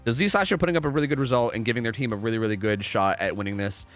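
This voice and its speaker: A man's voice: mid-range voice, racing, soft background music. A young man casually commentating a game live on stream, rambling, repeating himself and swearing freely.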